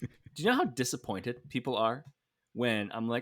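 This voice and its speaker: A man's voice: mid-range voice, normal speed, no room sound. A man co-hosting a wrestling podcast in casual chat, talking, laughing and teasing his friend. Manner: chatty, laughing, lively teasing. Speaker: podcast co-host.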